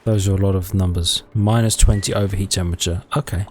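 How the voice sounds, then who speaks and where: A man's voice: sits low, fairly even intonation, fast. A man giving casual let's-play commentary, thinking aloud in a chatty way and correcting himself as he goes. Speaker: gaming YouTuber.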